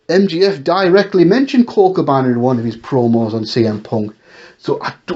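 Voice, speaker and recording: A man holding forth on his own show, his voice climbing high whenever he gets worked up. He talks in an exasperated, ranting way, full of rhetorical questions. The recording sounds dull and lo-fi. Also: darkish tone. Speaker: wrestling commentary host. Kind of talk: casual opinion talk.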